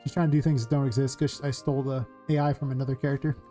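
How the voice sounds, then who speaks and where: A man from California with a Californian accent, chatting casually and rambling quickly while streaming game development. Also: medium pitch, level tone, mellow, soft background music. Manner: fast, rambling talker.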